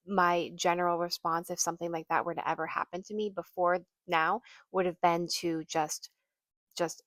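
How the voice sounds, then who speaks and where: A woman's voice: fairly low pitch, fairly bright tone, no echo. A woman podcast host telling a personal story in an earnest, reflective way, often restarting her sentences and saying "like".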